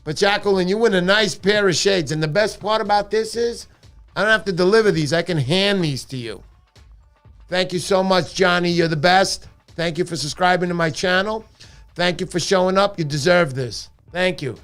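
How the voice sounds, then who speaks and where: A middle-aged man hosting a casual livestream, playful and jokey with loud bursts of excitement. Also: high voice, normal speed, smooth, faint music behind. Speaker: livestream host.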